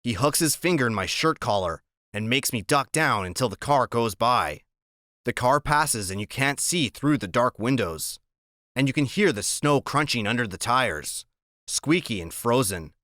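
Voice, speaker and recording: A man reading a first-person story aloud as an audiobook narrator, steady and plain. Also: medium pitch, moderate pace, dry recording, studio quality.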